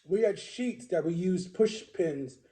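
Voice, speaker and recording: Brief: vlogger man, slightly high-pitched but very mellow and dark in tone, candid storytelling with fillers and restarts. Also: animated. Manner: earnest, halting recounting with many fillers.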